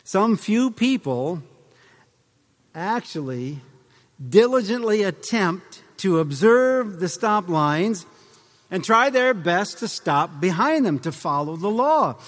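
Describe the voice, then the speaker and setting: A middle-aged man gives a talk to a live audience, asking rhetorical questions and adding wry asides. His voice sits high for a man. Long reverb from a large hall trails after each phrase. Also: very animated, slow pace. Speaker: speaker addressing an audience.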